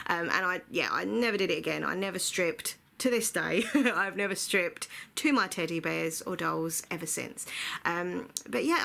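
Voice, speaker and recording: A woman rambles through a casual storytime on her vlog, full of filler words. Her voice sits a little low but sounds bright and forward, with a strong gravelly fry. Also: moderate pace. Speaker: vlogger.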